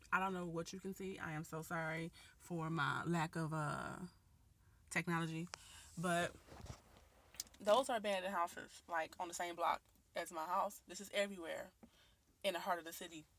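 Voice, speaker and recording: A woman's voice: lowish voice, fairly bright tone, a little hiss or hum. A woman in her late twenties from Detroit, talking candidly and earnestly into her phone camera, with many ums and restarts. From Detroit, Michigan, USA. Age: 20s. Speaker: vlogger. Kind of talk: personal video monologue. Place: at home and out in her neighborhood.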